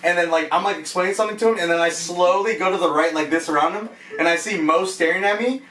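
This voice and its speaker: Young man, casual story, bright voice, heard from off-mic, echoey room, faint noise. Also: high voice, fast talker, far from the mic. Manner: animated, laughing, swears often, many fillers. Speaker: guest telling a story.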